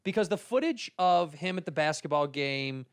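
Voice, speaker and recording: A man hosting a comedy podcast, teasing his guests in quick banter. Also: on the high side, lively intonation, smooth, no room sound, studio quality. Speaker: podcast host. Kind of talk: casual comedy podcast chat.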